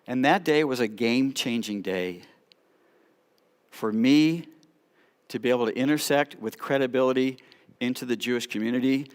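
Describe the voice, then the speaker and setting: A middle-aged man telling stories in a sermon, lively, with sudden quiet asides. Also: medium pitch, normal speed, long pauses. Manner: animated storyteller, drops to quiet asides. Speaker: rabbi preaching at church. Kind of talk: sermon storytelling.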